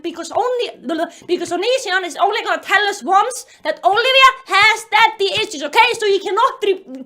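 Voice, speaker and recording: A woman doing a sarcastic, animated book review commentary with mocking, exasperated outbursts. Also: extremely high pitch.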